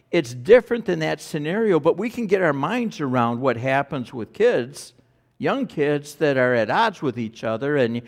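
A male pastor preaching a sermon, telling stories with frequent stammered restarts. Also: mid-range voice.

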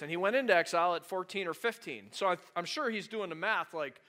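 A male pastor preaching a conversational sermon, animated and full of rhetorical questions to the congregation. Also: high-pitched, quick pace, hardly any pauses.

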